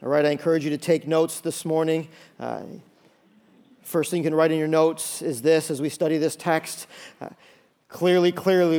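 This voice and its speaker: A man preaching a sermon. He reads scripture aloud, prays in a hushed voice, then teaches with rising emphasis. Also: on the high side. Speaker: pastor.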